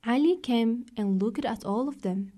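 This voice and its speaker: A woman narrates a children's story in a plain, steady way. Her voice is warm and mellow. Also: on the high side, measured pace.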